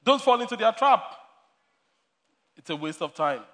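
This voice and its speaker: High-voiced man preaching in a reverberant hall. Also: big pitch swings, normal speed, fairly bright tone. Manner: storytelling with laughter, repeats key lines. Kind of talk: sermon.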